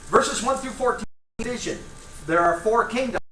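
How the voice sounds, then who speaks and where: A man leads a church Bible class, reading passages aloud and turning to his students with casual asides. His voice is bright and forceful. The room is roomy and echoey, with a faint hum of ambience behind him. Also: extremely high pitch, expressive, moderate pace.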